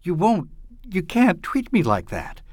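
A man reading aloud and voicing a desperate, pleading young woman who plays the femme fatale, his voice climbing high as she begs. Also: wildly swooping pitch, unhurried, darkish tone, dry recording, clean studio sound, exaggerated voice. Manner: breathless, pleading, rising to cries. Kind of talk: audiobook reading.

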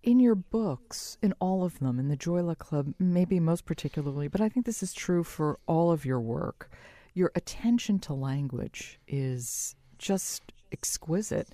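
Mellow, measured interviewer. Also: mid-range voice, dry recording. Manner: measured, admiring questions. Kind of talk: interview questions.

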